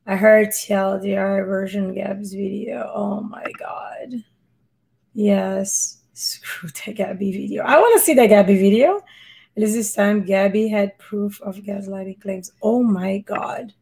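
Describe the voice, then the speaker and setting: A woman with a squeaky voice doing casual live reaction commentary, exasperated and rambling, often restarting her sentences. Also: unhurried, gravelly, a little mellow. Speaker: reaction streamer.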